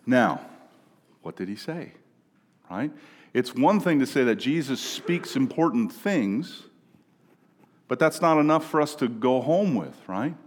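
Preacher from Minnesota in a reverberant hall. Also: male voice, mid-range voice, animated, a little slow, pauses often. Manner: conversational, asks "right?" often, swings between quiet and loud. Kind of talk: sermon. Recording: long reverb of a large room.

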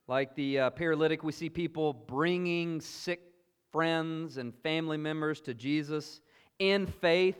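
A man with a Southern US accent preaching a sermon, earnest and emphatic, moving between loud exclamations and hushed asides. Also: mid-range voice, clean tone. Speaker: pastor. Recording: long hall reverb.

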